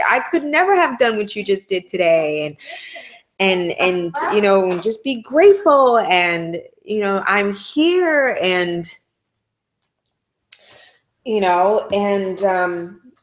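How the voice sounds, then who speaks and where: A woman's voice: mid-range voice, slight background noise. A woman vlogger telling a personal story in casual, candid, emotional slang.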